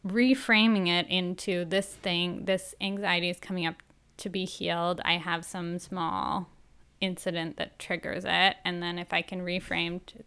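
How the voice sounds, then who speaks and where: A woman hosting a talk show, speaking in a candid, self-reflective personal monologue with a gentle, soothing manner. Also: fairly low pitch, flat delivery, unhurried, smooth.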